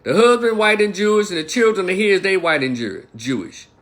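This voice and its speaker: A man from Memphis, Tennessee runs a livestream rant, heated and full of swearing, aimed directly at those watching. He speaks a little fast in a high, fairly bright voice with lively intonation.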